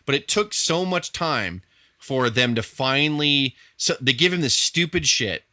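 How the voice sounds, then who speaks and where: Bright, emphatic man on a podcast. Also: medium pitch, a little slow, no echo, studio quality. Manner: emphatic, profane and animated. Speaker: podcast co-host. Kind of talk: casual podcast chat.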